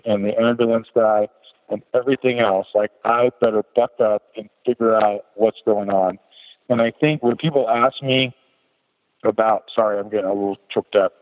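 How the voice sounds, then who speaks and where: Low-voiced middle-aged man over a tinny line. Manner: candid, rambling storyteller with frequent restarts. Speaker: podcast guest. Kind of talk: personal story told in an interview. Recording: tinny phone line with long reverb.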